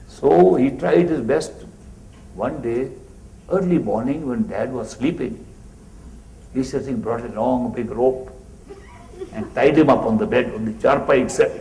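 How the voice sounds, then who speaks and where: A man's voice: mid-range voice, unhurried, long pauses, darkish tone, a little hiss or hum. A man, a spiritual teacher, telling a story in a talk and animatedly acting out its people. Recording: roomy echoey room.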